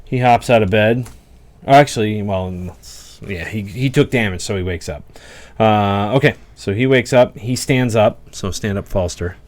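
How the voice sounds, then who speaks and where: A man's voice: lowish voice, normal speed. A man running a tabletop game as its game master, narrating combat and dice rolls in an easy, chuckling way.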